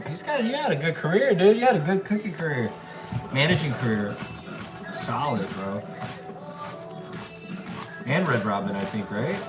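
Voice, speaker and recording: A relaxed man talks through a live cooking stream, answering viewers as they comment and tossing in plenty of bro and dude. His voice sits in an ordinary middle pitch. Music plays clearly behind him. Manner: chatty, laid-back, reads and answers viewer comments, calls people bro and dude. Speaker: chef livestreaming while cooking. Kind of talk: casual live-stream chat while cooking.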